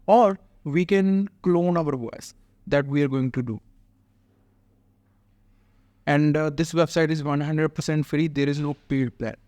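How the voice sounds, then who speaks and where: A man talks viewers through a website as a tech tutorial host, explaining each click step by step with frequent "uh" fillers. His voice sits a little high. The recording is dry and close, with no room sound. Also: measured pace, pauses often, darkish tone, dry recording. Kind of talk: casual screen-recorded software walkthrough.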